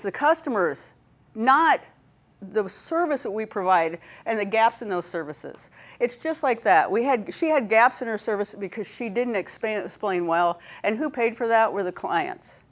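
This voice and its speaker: A woman leading a training workshop, telling stories and checking in with her audience. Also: fairly high pitch. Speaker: workshop presenter.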